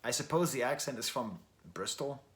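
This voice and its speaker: An American man talks through an album review in a loose, chatty way, circling back to fix his phrasing and dropping dry jokes along the way. His voice sits at an ordinary, mid-range pitch for a man. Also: animated, normal speed, a bit bright. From Western New York, USA. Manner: rambling and chatty, with frequent self-corrections and wry asides. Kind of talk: casual spoken album review.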